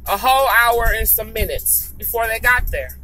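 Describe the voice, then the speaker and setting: A woman from Saint Paul speaks in a bright, pointed voice that sits a little high. She vents straight to her viewers in a heated, indignant rant, hammering the same points again and again. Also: expressive, moderate pace, faint music behind, poor audio. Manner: heated, indignant, repeating herself for emphasis. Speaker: vlogger. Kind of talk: angry personal rant to camera.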